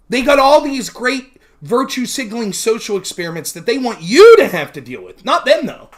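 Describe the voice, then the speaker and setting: A man hosts a casual political livestream and reads viewer comments aloud. His tone is sarcastic and mocking, and his pitch rises and falls with a lot of movement. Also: very animated, fairly quick, few pauses.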